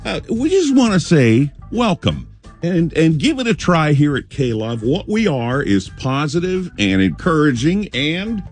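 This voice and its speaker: A man's voice: a little high, sing-song, unhurried, soft background music. A man co-hosting a radio show, playful and casual, laughing between lines. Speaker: radio host. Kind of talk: morning show banter.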